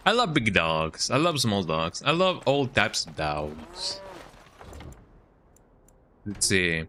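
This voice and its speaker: A man's voice: on the low side, huge pitch swings, slow pace, long pauses, bright, forceful tone, slight background noise. A man streaming a video game, rambling and joking in casual commentary, with lots of "eh?" and "you know".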